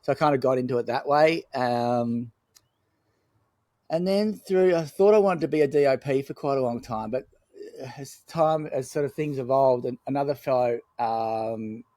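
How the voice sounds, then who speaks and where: On a podcast, a man who directs films spins rambling, anecdotal stories in a casual interview, restarting often and using many fillers. His mid-range voice is mellow and moderately paced, captured in a dry recording.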